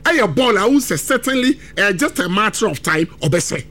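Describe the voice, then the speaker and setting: A football pundit analyzes the game on a radio talk show, mixing Twi and English. His voice sits high and has a sing-song lilt, bright and forceful, at a moderate pace. He is emphatic, switching languages as he goes.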